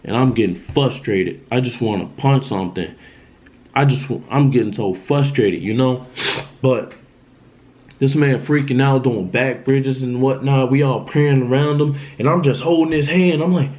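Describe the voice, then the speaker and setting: A young man vlogging, retelling a frightening personal story in an animated, emphatic way with lots of slang. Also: mid-range voice, a little slow. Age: young adult. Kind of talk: storytime vlog.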